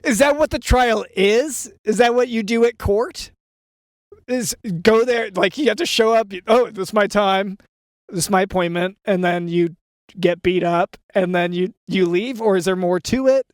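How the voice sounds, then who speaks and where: A man's voice: sits high, normal speed, no echo, clean studio sound. A man on a comedy podcast playing a mock-earnest, hesitant interviewer. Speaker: podcast co-host asking questions. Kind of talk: improvised comedy chat.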